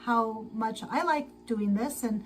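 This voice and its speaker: A tired woman hosting a casual sewing livestream, chatting slowly to viewers and to herself as she works. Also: on the high side, slight background noise, low-quality recording. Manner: slow, chatty, talks to herself while working. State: tired and sleepy.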